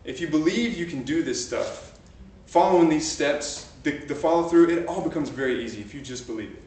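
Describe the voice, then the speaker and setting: With a fairly high pitch and a darkish tone, this man speaks expressively and fairly quickly. He gives a motivational talk to a live group in a large room, moving from stories to pumped-up exhortation, all captured by a far camcorder amid room echo.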